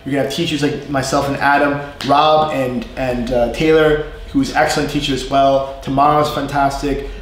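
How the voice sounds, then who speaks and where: A man with a North Jersey and New York accent, co-hosting a casual live English lesson, chatty and quick to laugh. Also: medium pitch, level tone, heavy reverb, slight background noise. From US East Coast, North Jersey/New York area. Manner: chatty, laughs often, stretches vowels to demonstrate.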